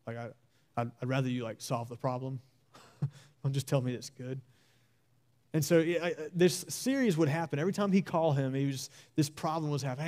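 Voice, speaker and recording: A young man delivers a sermon with earnest, exhorting energy, leaning on slow, emphatic repeats. His voice sits a little high for a man, yet its tone is dark and mellow. He talks plainly, with the odd filler, in the way of a preacher speaking to his congregation. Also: lively intonation.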